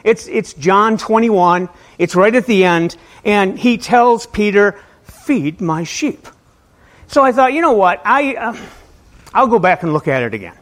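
A man's voice: high-pitched, expressive, moderate pace, a bit bright. A male pastor giving a casual, conversational sermon to a small church, often stumbling on and repeating his words. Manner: conversational, self-deprecating, repeats words when starting sentences.

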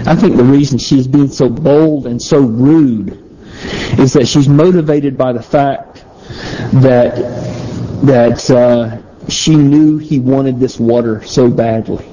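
Male preacher, mellow tone, conversational sermon delivery, slightly muffled recording with faint background noise. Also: medium pitch. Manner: conversational Bible teaching with frequent restarts.

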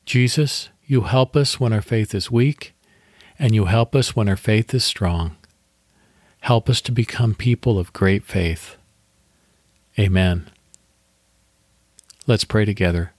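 A man hosting a devotional podcast, reading scripture slowly and leading a guided meditation. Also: fairly low pitch, no echo, studio quality.

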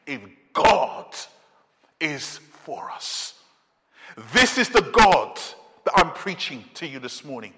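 Slow, emphatic preacher in a reverberant hall. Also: male voice, on the high side, bright, forceful tone. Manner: emphatic preaching with slow, drawn-out pauses and repetition. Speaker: pastor. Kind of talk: sermon. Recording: long reverb of a large hall.

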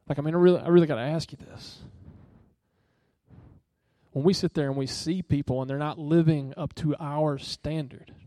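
A man's voice: a little high, fairly even intonation, moderate pace, long pauses, mellow, no echo, studio quality. Earnest, conversational male preacher. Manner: conversational, earnest, asks the listeners direct questions. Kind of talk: sermon.

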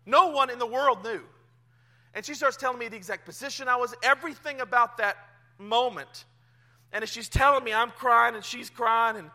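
A male pastor, around his thirties, preaching a sermon in church, telling a personal story with swings from hushed to loud. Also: very high voice. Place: church sanctuary.

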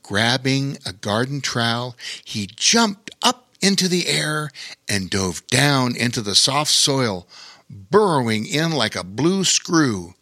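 A man narrating a children's story with lively, expressive delivery. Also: mid-range voice, slow pace, no room sound, clean studio sound.

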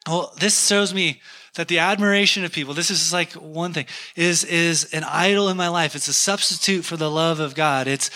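Pastor, male, bright forceful tone, candid and self-deprecating sermon storytelling. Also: fairly high pitch.

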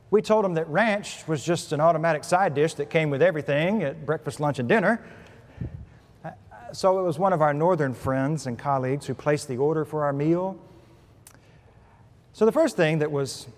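A man preaching a sermon as pastor, telling a humorous story with lively shifts in loudness and pitch. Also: normal speed. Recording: preached in a hall with long reverb.

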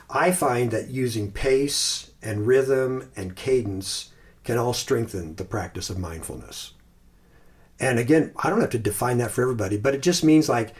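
A man in an unhurried podcast chat, speaking at a middle pitch and thinking aloud. He stops and restarts his sentences and sometimes slows down to recite a short phrase word by word. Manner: thoughtful, halting, with restarts and slow recited phrases. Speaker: podcast host. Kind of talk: casual podcast chat about Christian meditation.

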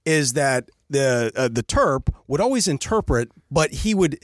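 A male podcast host tells a comedy story in a lively, swinging voice. He keeps it conversational and often checks in with "right?", and the sound is close and dry. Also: medium pitch, measured pace, no echo.

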